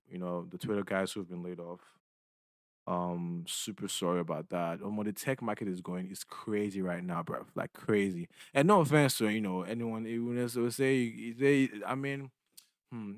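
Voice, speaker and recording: A young man chats loosely as the host of his own podcast. He rambles in slang and keeps checking in with his listeners. His voice is somewhat low, and it is recorded dry with no room echo. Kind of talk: casual solo podcast monologue.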